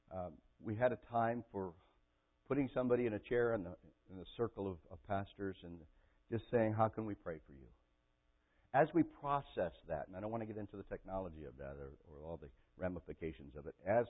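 Pastor, male, fairly low voice, heartfelt sermon with loud peaks, lo-fi phone-quality recording. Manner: emotional storytelling, rising to near-shouting. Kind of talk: sermon with personal story. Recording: tinny phone-like audio.

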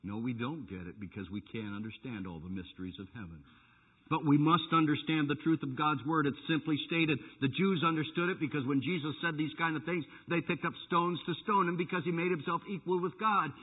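Pastor, male, slightly high husky voice, lively sermon, tinny phone-like recording. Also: fairly quick. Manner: animated preaching with playful jabs at the congregation. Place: church sanctuary.

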